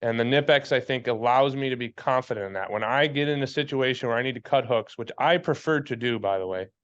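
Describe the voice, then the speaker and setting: A blunt, fired-up man talks gear on a podcast, swearing freely as he preaches. His voice is smooth and resonant, sitting at an ordinary male pitch. The audio is dull and a bit lo-fi. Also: fast talker. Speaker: podcast co-host, fly fishing guide. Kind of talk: casual chat.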